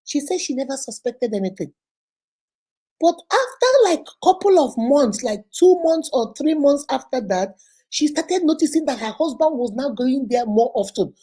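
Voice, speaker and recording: Nigerian woman storyteller, mellow tone, fairly high. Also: normal speed. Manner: animated retelling, acts out quoted voices, chatty asides to viewers. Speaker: vlogger.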